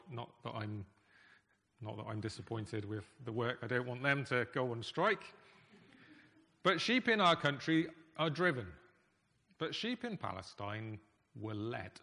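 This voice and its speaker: Male preacher, bright forceful tone, long hall reverb, conversational and emphatic. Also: mid-range voice. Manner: conversational, emphatic, with pauses and shifting volume. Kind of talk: sermon.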